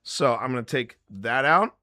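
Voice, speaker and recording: A man's voice: medium pitch, expressive, moderate pace, bright, forceful tone, no room sound. A man hosting a live stream, explaining his editing method in a rambling, jokey way and talking straight to the chat. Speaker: paranormal investigator and live stream host.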